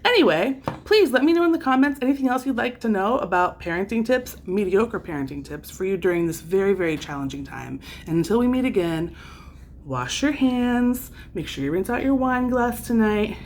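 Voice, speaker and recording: A woman's voice: mid-range voice, expressive, brisk, darkish tone, slight background noise. A woman vlogging about parenting, with a wry, self-deprecating storytelling manner. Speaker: vlogger and mother. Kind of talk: casual vlog storytelling.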